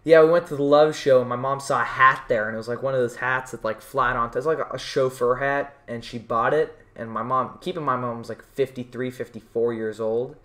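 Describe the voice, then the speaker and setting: A man's voice: medium pitch, steady tone, a little fast, few pauses, fairly bright tone. A man performing his own stand-up comedy for a video channel, with a mid-range voice. He talks in a loose, rambling way, often restarting sentences. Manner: rambling, many fillers and restarts. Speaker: vlogger doing stand-up. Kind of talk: self-written stand-up comedy monologue.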